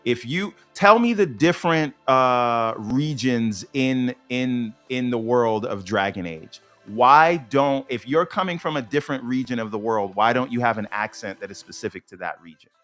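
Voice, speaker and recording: A man's voice: mid-range voice, moderate pace, few pauses, fairly bright tone, faint music behind. A man hosting a casual gaming podcast who thinks aloud, restarts his sentences and poses questions to his co-host. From United States.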